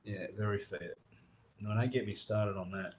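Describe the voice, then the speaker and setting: A man's voice: lowish voice, steady tone, moderate pace, a little hiss or hum. An Australian man hosting a casual podcast chat, ranting with heavy swearing. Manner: profane, ranting.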